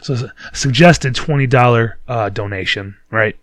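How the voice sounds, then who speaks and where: A man's voice: mid-range voice, moderate pace, dry recording. A young man telling a rambling, profane story about his day in a casual vlog monologue, often laughing at himself.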